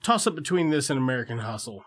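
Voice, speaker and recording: A man co-hosts a podcast, chatting casually with a loose, profane sense of humor. His voice sits at an ordinary middle pitch. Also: big pitch swings, fast. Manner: profane, joking banter. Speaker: podcast co-host. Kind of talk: casual chat.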